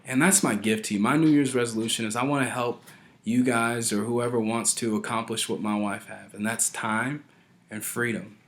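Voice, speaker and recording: In a steady, mid-range voice at normal speed, a vlogger in his thirties chats casually to camera with his followers. He's earnest and meandering, repeatedly checking "right?", and his delivery turns forceful as he drives his points home.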